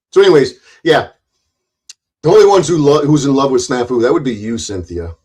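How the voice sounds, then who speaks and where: A man who runs his own channel, delivering a heated livestream rant in a forceful, mocking and sarcastic way, full of swearing. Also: mid-range voice. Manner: loud, forceful delivery that he calls passion. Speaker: YouTube channel owner.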